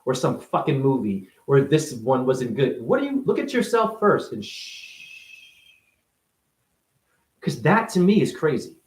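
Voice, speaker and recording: A man's voice: medium pitch, very animated, unhurried, pauses often. A man delivering a profane, confrontational monologue as a self-styled spiritual teacher, firing rhetorical questions at the listener. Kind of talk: ranting monologue to camera. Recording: roomy echo.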